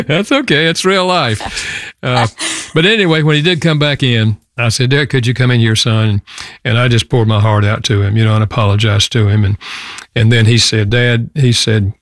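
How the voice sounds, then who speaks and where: An older man, a guest author, earnestly telling a personal story in a radio interview, reflective and halting with fillers. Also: fairly low pitch, fairly even intonation, no echo, clean studio sound.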